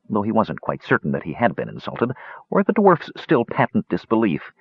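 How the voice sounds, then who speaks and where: A man narrating a fantasy audiobook in an expressive, dramatic reading. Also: lowish voice, husky, dry recording. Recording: dull lo-fi recording.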